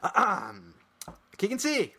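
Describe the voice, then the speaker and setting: A man's voice: sits high, wildly swooping pitch, slow, sharp tone, husky. Joking man reading listener entries aloud. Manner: jokey, laughs often, reads entries aloud. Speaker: podcast co-host. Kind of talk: casual chat, reading listener emails.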